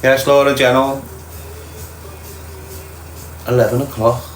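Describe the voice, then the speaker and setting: Here the Liverpool-accented livestreamer, a middle-aged man, talks slowly in a level, medium-pitched voice while soft music plays. He goes through viewer comments casually and bluntly, swearing freely, and the echoey room carries faint ambience.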